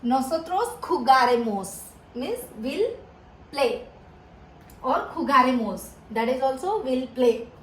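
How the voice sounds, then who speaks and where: A woman's voice: high-pitched, expressive, slow. A woman tutoring a grammar lesson, repeating each word several times, with many fillers and restarts. Her first language is Hindi. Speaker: Spanish tutor. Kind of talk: slow, repetitive grammar lesson. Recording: echoey room with faint background noise.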